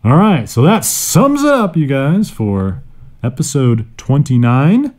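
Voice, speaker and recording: A man hosting a study podcast, teaching words in a playful, joking way with sudden jumps in pitch. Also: big pitch swings, unhurried, a little mellow. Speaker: podcast host. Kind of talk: casual educational podcast monologue. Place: indoors, seated on a squeaky chair. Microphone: studio microphone.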